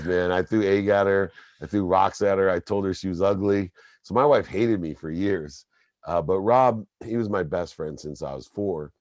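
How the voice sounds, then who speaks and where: Deep-voiced man telling a personal story. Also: no room sound, muffled recording. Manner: emphatic, animated storytelling. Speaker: guest. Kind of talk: storytelling interview.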